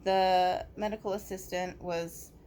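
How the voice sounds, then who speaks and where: A woman's voice: fairly low pitch, fairly even intonation, a little slow, warm tone, smooth. A woman vlogger talking straight into her phone camera about a personal complaint, blunt and profane, leaning on fillers like "basically" and "like".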